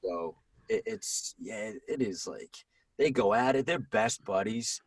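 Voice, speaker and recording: A man's voice: fairly low pitch, very animated, measured pace, vocal fry, slightly rough, no room sound. Rambling man in his thirties, dry distant sound. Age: 30s. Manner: rambling, frequent restarts and self-interruptions. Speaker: podcast guest, voiceover actor. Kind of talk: casual conversation.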